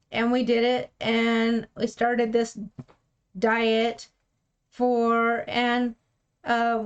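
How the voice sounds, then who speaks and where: A woman's voice: fairly high pitch, dull audio. A woman vlogger telling a personal story in a frank, plainspoken way, sometimes acting out what others said. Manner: frank and plainspoken, acts out quoted speech. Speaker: keto vlogger.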